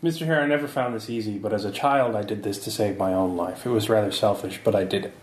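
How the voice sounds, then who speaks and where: A man voicing a calm triad enforcer who speaks formally and courteously with quiet menace. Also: fairly low pitch, fast talker, roomy sound, slight background noise, close to an everyday voice. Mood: cold polite.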